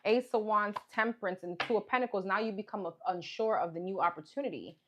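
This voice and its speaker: Female tarot reader, mid-pitched, casual and meandering, thinks out loud between cards. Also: fast talker, background noise. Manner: chatty, musing, repeats "okay" and "what's coming up" while pulling cards. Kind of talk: live tarot reading, thinking aloud.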